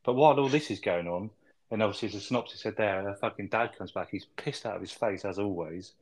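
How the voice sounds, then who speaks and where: A man's voice: fairly low pitch, quick pace. A man co-hosting a casual film review podcast, recapping scenes in a rambling, sweary way with tag questions.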